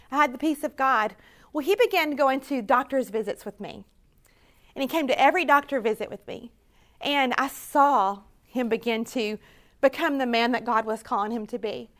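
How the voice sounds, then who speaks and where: A woman with a fairly high voice tells her faith story to a conference audience. She speaks earnestly and keeps quoting the prayers she once said. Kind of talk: personal testimony talk.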